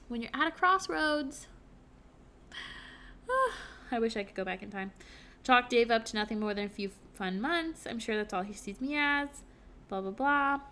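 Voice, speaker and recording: A woman in her twenties, a podcast host, reading her own journal entries aloud in a candid, halting way with many fillers. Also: on the high side, a bit bright, slight background noise. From Virginia. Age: 20s.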